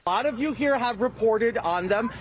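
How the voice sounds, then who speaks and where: A man with an unusually high voice speaks to reporters. His tone is defiant, and he piles up repeated vows one after another. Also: lively intonation, moderate pace, a little hiss or hum. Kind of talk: public statement.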